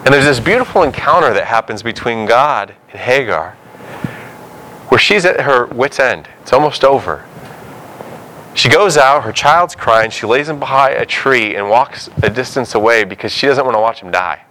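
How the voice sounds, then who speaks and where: A man preaching a sermon, telling biblical stories with animated storytelling and acting out the dialogue. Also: mid-range voice, normal speed, a little hiss or hum, low-quality recording.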